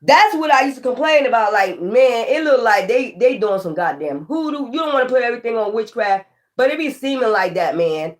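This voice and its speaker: A woman tarot reader ranting casually to her viewers, profane, animated and exasperated. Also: on the high side, fairly quick.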